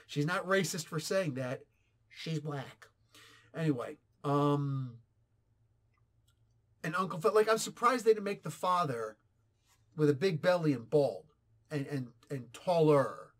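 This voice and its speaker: Ranting man in his forties, higher voice. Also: a little slow, pauses often. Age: 40s. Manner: animated, ranting, sarcastic asides. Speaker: comic book reviewer. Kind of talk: casual opinionated review.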